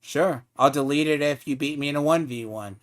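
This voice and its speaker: A man's voice: on the high side, fairly quick. A man streaming a game, ranting at another player in a profane, taunting, mocking way. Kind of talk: heated live-stream rant at a player.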